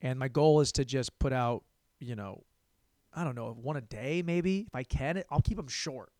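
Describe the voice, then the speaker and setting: A young stand-up comic hosts his own solo podcast, rambling casually in a medium-pitched, darkish voice at normal speed. He swears, mocks himself, and laughs often, all captured in clean, echo-free studio sound.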